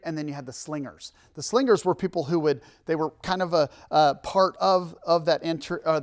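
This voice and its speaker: A man pastor giving a sermon, reading scripture emphatically and adding joking asides. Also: fairly high pitch. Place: church, filmed for a livestream.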